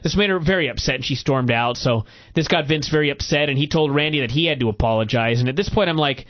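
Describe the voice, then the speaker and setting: A man hosting a podcast, recapping a wrestling show in casual, profane, animated chat. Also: a little high, fast, few pauses. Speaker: podcast host. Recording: muffled lo-fi recording.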